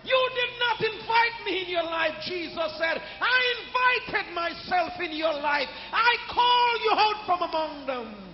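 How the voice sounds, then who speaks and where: High-pitched preacher in an echoey hall. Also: male voice, lively intonation, a little slow, few pauses. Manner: call-and-response preaching, builds to shouting. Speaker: pastor. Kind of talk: sermon. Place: church sanctuary. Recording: echoey church hall, dull sound.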